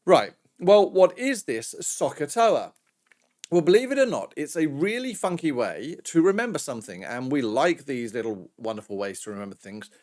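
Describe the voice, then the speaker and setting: Chatty British maths teacher, lively pitch. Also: male voice. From Britain. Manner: jokey, chatty, self-mocking asides. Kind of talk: recorded maths lesson.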